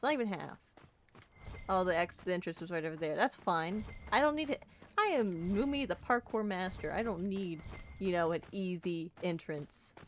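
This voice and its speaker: A woman's voice: on the low side, fairly bright tone, a little hiss or hum. A woman streamer giving playful gaming commentary, bubbly and jokey, chatting to the characters on screen. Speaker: let's play streamer.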